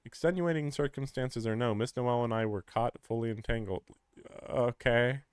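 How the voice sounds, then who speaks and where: A man's voice: mid-range voice, moderate pace, smooth, no room sound. A man streaming a visual novel, reading its text aloud and breaking off into wry, chatty commentary.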